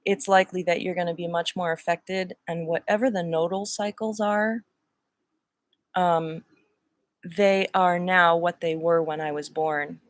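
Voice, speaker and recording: A woman in her fifties speaks in a low voice with a playful, put-on Irish accent. She muses aloud in a casual spiritual livestream talk, drawing out her phrases. The camera mic sounds dry and close. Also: fairly even intonation, no echo. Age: 50s. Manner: playful, musing, drawn-out phrasing. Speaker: host.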